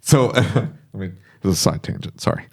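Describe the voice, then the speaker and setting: A man's voice: deep voice, moderate pace, creaky. Man, middle-aged, shop owner, casual podcast chat, rambling, swoops up and down. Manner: rambling, animated storytelling with laughs.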